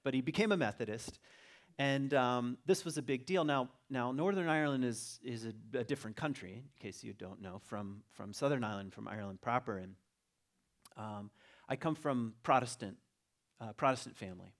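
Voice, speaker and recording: A middle-aged man giving a relaxed, conversational talk, telling a family story with frequent restarts and fillers. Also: medium pitch, normal speed. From Virginia.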